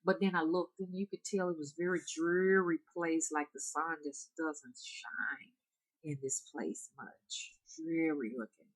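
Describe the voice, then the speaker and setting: A woman spiritual reader softly and hesitantly telling her viewers a story, with frequent restarts. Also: low voice, steady tone, unhurried, poor audio. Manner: soft-spoken, hesitant, with restarts.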